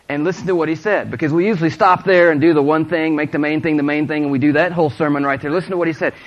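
A man preaching a sermon to a congregation, moving between hushed storytelling and loud, fervent exhortation. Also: fairly high pitch, fairly even intonation, quick pace, hardly any pauses, dull audio.

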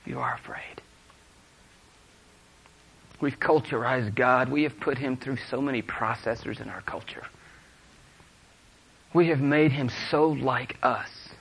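A man preaching a sermon to a congregation, moving between hushed storytelling and loud, fervent exhortation. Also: fairly high pitch, husky, low-quality recording.

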